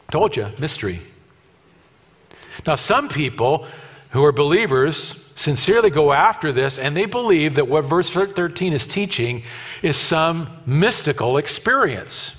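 A man in his fifties preaching a sermon, emphatic and repetitive, swinging from loud declarations to hushed asides. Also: fairly high pitch, big pitch swings, unhurried, breathy edge. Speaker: pastor.

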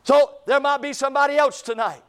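A man preaching a sermon, his voice pitched unusually high for a man. He preaches with fervor, stretching his phrases and pushing up into shouts as he drives his point home. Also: fairly even intonation, fairly quick. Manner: impassioned preaching, rising to shouts. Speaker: pastor.

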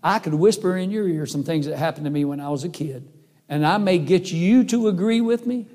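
A man's voice: a little high, brisk, a little mellow. A middle-aged man preaching a sermon in an earnest, folksy, emphatic way. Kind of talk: sermon with personal story.

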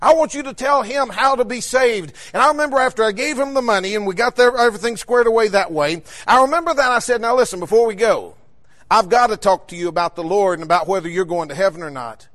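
A male preacher with a notably high voice for a man. He delivers his sermon fervently, weaving in personal stories and lifting into shouts when he drives a point home. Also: quick pace.

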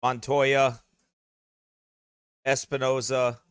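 A man's voice: mid-range voice, little pitch movement, extremely slow, clean tone, no room sound, clean studio sound. A man hosting a broadcast, rambling casually and often checking in with "okay?" or "right?" and breaking into laughter. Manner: laughs often while talking. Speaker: host.

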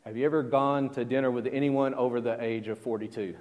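A man's voice: mid-range voice, fairly even intonation, a little fast, darkish tone, big-room sound. A man preaching a sermon as pastor, in a conversational way that keeps asking the congregation questions. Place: church.

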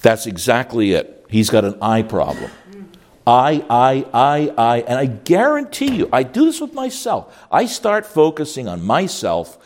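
Male pastor-teacher, mid-pitched, very expressive lecturer who stumbles and repeats words as he talks. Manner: animated, repeats words while searching for phrasing; reads scripture aloud slowly. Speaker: pastor teaching a counseling class. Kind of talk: classroom lecture.

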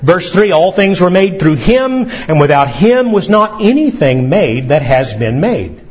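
Male pastor, sermon, lively swooping delivery with dramatic pauses, slightly raised voice, muffled recording. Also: a little high. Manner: animated preaching, dramatic pauses, emphatic scripture reading.

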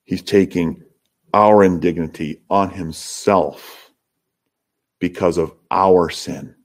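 A man's voice: deep voice, fairly even intonation, slow pace. A man preaching a sermon as pastor, earnest and emphatic, lifting his voice when he acts out the crowds. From Canada.

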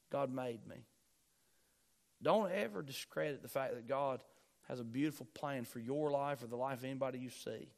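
Man, pastor, sermon, raised voice on key lines, fairly high pitch. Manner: preaching with rising emphasis, repeating key phrases.

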